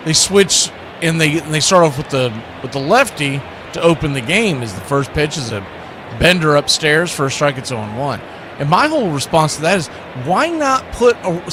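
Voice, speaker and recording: A man calls baseball play-by-play as a radio host, rambling through opinions between pitches and lifting his voice when a big play lands. His voice sits a little high for a man. A clear hiss of background noise sits under the recording. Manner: chatty asides between calls, rises for big plays. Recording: noisy background.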